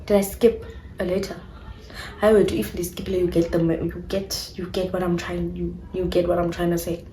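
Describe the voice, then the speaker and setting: A woman's voice: lowish voice, little pitch movement, normal speed, mellow, a little hiss or hum. Chatty South African young woman, echoey room. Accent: South African English. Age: young adult. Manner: chatty, addresses viewers, mixes in isiXhosa phrases. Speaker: vlogger. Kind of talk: casual storytime.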